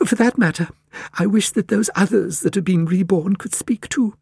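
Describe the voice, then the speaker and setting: A man voicing an excitable, genteel elderly spinster in a high, fluttering voice for a storybook reading. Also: normal speed, gravelly, husky, no room sound, clean studio sound, full character voice. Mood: wistful.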